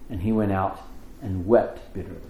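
A man giving a measured, expressive liturgical scripture reading in a church. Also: sits low, echoey room, poor audio. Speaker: scripture reader.

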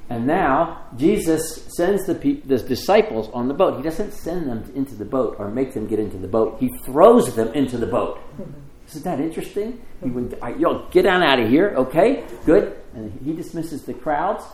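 A middle-aged man preaching a sermon, telling the story with lively acted quotes and conversational asides. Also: mid-range voice, normal speed, echoey room, poor audio. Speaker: pastor.

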